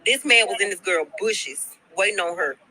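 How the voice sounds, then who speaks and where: A woman's voice: medium pitch, expressive, normal speed, sharp tone, poor audio. A woman telling a storytime to her followers, chatty, slangy and profane, often repeating herself. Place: at her workplace.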